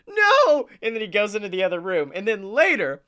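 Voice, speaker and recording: A man co-hosting a comedy podcast, telling animated stories, acting out quotes and laughing often. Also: sits high, quick pace. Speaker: podcast co-host. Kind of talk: casual comedic storytelling.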